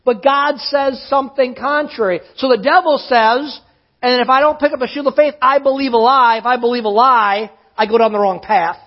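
A pastor preaching a sermon, emphatic, often slowing down to stress his words. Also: very high voice, highs cut off.

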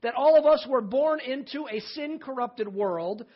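A man's voice: very high voice, expressive, measured pace. A middle-aged man, a pastor, preaching a sermon in an emphatic, conversational way with folksy humor. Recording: slightly dull lo-fi sermon recording.

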